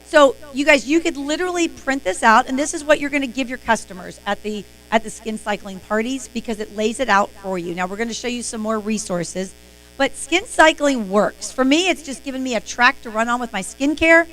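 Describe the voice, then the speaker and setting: A woman's voice: fairly high pitch, brisk, hardly any pauses, fairly bright tone, slight background noise, low-quality recording. A woman hosting a live-stream sales training, talking in an emphatic, motivational way.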